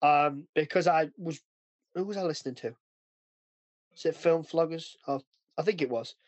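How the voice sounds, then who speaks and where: A man's voice: a little high, moderate pace, no echo. A man hosting a podcast in casual chat, rambling and chatty, often restarting sentences. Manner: rambling, chatty, often breaks into acted quotes. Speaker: podcast host.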